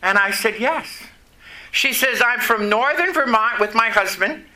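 A man's voice: very high-pitched, animated, a little slow, sharp tone. A man preaching a testimony to a congregation, telling a story and asking the audience questions. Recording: echoey room, faint noise.

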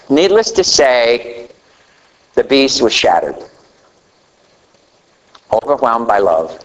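A middle-aged man preaching a sermon, telling a story with animated delivery that swings between loud emphasis and quiet asides. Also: slow, pauses often, low-quality recording. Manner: animated storytelling preacher, rising to a near shout then dropping low.

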